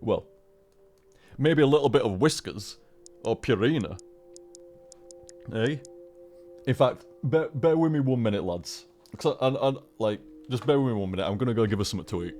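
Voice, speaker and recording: A man chatting casually on a live stream, rambling with halting restarts and frequent swearing. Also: mid-range voice, expressive, darkish tone, soft background music.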